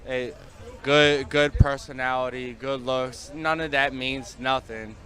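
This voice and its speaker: A man's voice: medium pitch, fairly even intonation, a little slow, a bit bright. A man on a city street answering interview questions in a matter-of-fact way.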